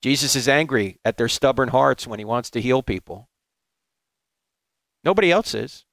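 A man giving a preaching talk, emphatic and rhetorical, sometimes jumping into high mocking voices. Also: lively intonation, normal speed, creaky, fairly bright tone, no echo. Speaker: apologetics speaker.

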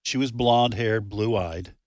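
A man's voice: fairly low pitch, takes it slowly, dry recording, studio quality. A man co-hosting a live radio talk show, chatting casually, laughing often and rambling with restarts. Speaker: radio co-host.

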